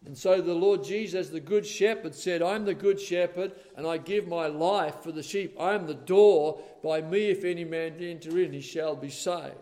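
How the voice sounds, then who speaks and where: Preacher, male, high-pitched, earnest and measured, leaning into scripture quotes. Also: darkish tone. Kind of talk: sermon.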